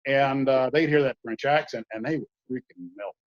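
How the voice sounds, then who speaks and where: A man tells a meandering story in a relaxed, folksy way, his voice sitting at an ordinary middle pitch. The sound is dull and lo-fi, as if from an online call. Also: normal speed. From southern US. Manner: rambling storyteller, folksy asides. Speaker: guest. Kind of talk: casual conversation.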